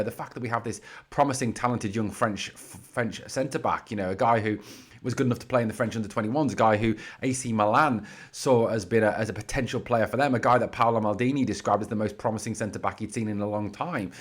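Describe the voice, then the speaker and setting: A man hosting his own football fan channel, giving heated, blunt solo commentary scattered with "you know". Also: lowish voice.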